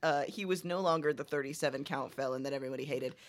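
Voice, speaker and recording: A woman's voice: rumbling low, fast. A woman co-hosting a podcast in casual chat, joking dryly. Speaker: podcast co-host.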